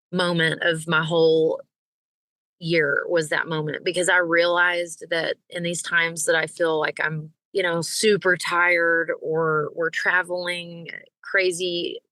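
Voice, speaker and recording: A woman, a singer and podcast guest, telling stories in a casual, animated way and acting out the people she quotes. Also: fairly low pitch, no echo, poor audio. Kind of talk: casual storytelling in an interview.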